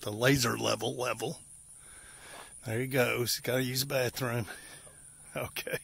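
Man, Appalachian accent, winded, folksy, gravelly, bright tone. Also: mid-range voice, flat delivery, a little slow. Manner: joking, folksy, rural slang. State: out of breath. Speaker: vlogger. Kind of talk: casual on-site narration. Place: outdoor work site.

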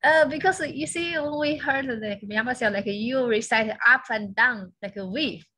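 High bright-voiced woman, student, asks questions, lots of "like". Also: moderate pace. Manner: hesitant, many fillers like "like". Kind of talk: asking questions in class.

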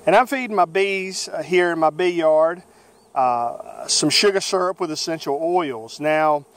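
A man with a Southern American accent, a beekeeper talking through a how-to video outdoors in his bee yard in a folksy, unhurried way with many fillers. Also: on the high side. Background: buzzing bees.

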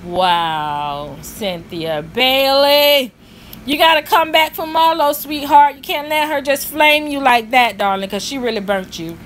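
A woman's voice: sits high, normal speed, few pauses, a bit bright, a little hiss or hum. Chatty gossiping woman vlogger. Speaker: vlog host. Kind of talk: casual gossip commentary.

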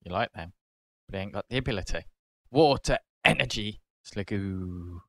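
A British man hosting a card-opening video, casually calling out each card and getting excited over good pulls. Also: lowish voice, normal speed. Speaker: card-opening channel host.

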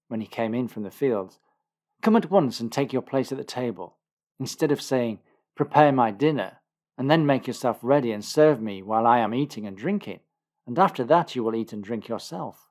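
A man reading as earnest calm Jesus. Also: mid-range voice, lightly acted. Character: Jesus, a calm authoritative male teacher.

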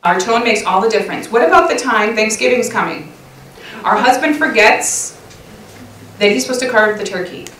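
A middle-aged woman with a fairly high voice gives a lively, chatty talk to a women's church session, laughing easily and acting out quoted lines. She is heard from a distance in an echoey church hall with faint room noise behind her. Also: normal speed. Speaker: conference speaker.

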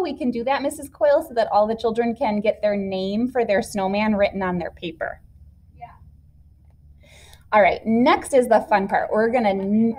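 Woman, teacher, fairly high voice, patient, step-by-step instructions for children. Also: darkish tone. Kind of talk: classroom instruction video.

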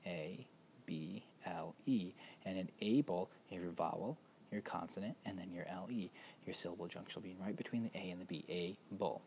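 A man teaching a spelling lesson, patiently explaining step by step with frequent pauses and ums. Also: sits low, gravelly, a little mellow, slight background noise. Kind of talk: instructional walkthrough.

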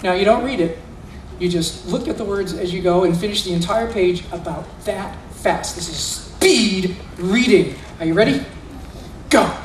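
A man's voice: sits high, moderate pace, slight background noise. A man performing as a magician for a school audience, coaxing child volunteers through mind-reading tricks with playful, theatrical patter. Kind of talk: live stage patter with young volunteers. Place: school room or gym, indoors. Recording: echoey room, voice from far off.

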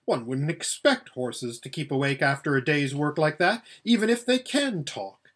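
A man voicing a brisk, proud, impatient girl of noble upbringing in a storybook reading, urgent and clipped. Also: on the high side, animated, a bit bright. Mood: self-scolding.

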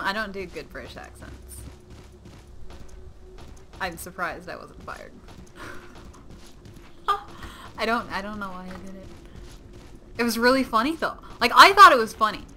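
A young woman giving excitable, giggly let's-play commentary at home while gaming. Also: mid-range voice, unhurried, long pauses. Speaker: gamer. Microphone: webcam or desk mic. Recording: noisy game audio behind.

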